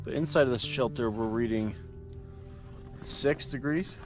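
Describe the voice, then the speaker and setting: Male vlogger, mid-pitched, chatty, on-the-spot explaining outdoors in the cold; camera audio buried under loud music. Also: a little slow. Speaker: camping vlogger. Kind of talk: casual vlog commentary. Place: outdoor winter campsite in the mountains.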